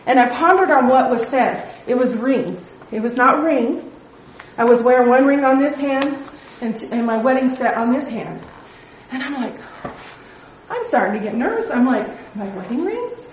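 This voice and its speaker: A woman's voice: high voice, expressive, moderate pace, slight background noise. A middle-aged woman leading a Bible study, telling a personal testimony in an earnest, conversational way. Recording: echoey room.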